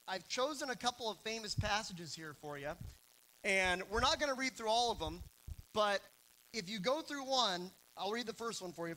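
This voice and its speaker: Young man, sermon, high lively voice, bright tone, self-deprecating storyteller. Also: slight background noise, low-quality recording. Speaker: preacher.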